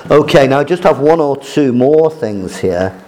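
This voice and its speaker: Halting male teacher explaining to a class. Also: mid-range voice, lively intonation, a little mellow. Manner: halting, many fillers and repeated words. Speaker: teacher and examiner. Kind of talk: classroom lecture.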